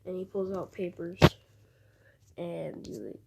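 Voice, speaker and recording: A woman's voice: on the low side, measured pace, vocal fry, pauses often, mellow, slight background noise. A woman casually retelling an invented fan story, rambling through events and recounting dialogue with "he's like", often dropping to a near whisper.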